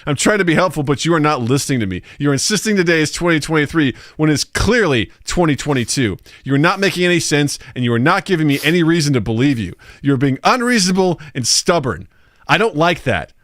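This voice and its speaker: A man voicing a smug, insistent chatbot in a higher, sing-song reading voice that stays cheery while it scolds. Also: fast, hardly any pauses, a bit bright, no echo, clean studio sound, close to an everyday voice. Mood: smugly insistent.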